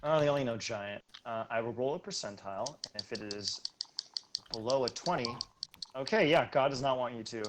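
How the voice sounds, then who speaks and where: A man's voice: medium pitch, brisk, background noise. A man running a tabletop game as game master, casual and joking, laughing often.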